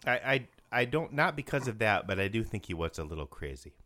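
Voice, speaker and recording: A man's voice: on the low side, very animated, fairly quick, pushed and bright. A man in casual podcast chat with old friends, jokey, laughing often and restarting his sentences.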